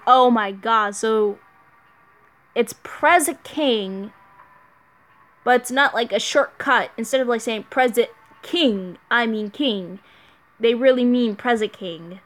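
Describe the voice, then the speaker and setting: A woman's voice: a little high, slow pace. Giggly woman commenting on a game. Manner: giggly, joking. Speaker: game streamer.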